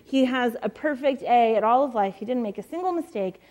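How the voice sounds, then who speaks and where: A woman's voice: a little high, animated, fairly quick, a little mellow. A woman in her forties giving a sermon as a pastor, telling stories in a chatty way with many fillers. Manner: chatty, storytelling, frequent fillers and laughs. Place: church stage.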